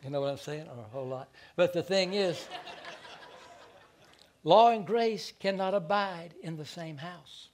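A man preaching a sermon as pastor, stammering into repeated words and moving between quiet asides and loud stretches. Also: on the high side, unhurried.

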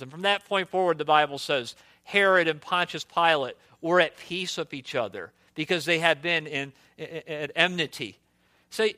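A young man preaching with a high, bright voice. He builds his points with passion and keeps firing rhetorical questions at the congregation. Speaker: pastor. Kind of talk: sermon.

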